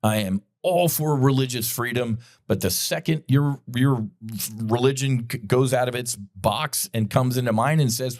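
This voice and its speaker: A middle-aged man hosts his own podcast and speaks in an impassioned, emotional monologue. He is blunt and profane, and he often turns to address his listeners directly. His voice sits at an ordinary pitch for a man. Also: unhurried, a little mellow. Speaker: podcast host.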